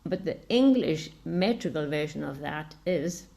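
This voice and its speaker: Lower-voiced Scottish Highland woman lecturing. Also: lively intonation, gravelly, mellow. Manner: measured and explanatory, with small restarts. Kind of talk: online academic talk. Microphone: video call.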